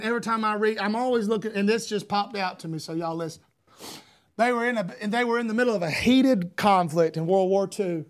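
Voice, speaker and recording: A man preaching a sermon as pastor. He swings between loud shouted preaching and quieter storytelling. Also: high-pitched. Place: church.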